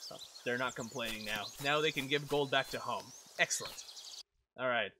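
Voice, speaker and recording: A man giving excitable live commentary on a game he is playing, talking to himself and to his characters and swearing when something startles him. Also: medium pitch, moderate pace, slight background noise. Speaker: let's play gamer. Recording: loud game sounds behind voice.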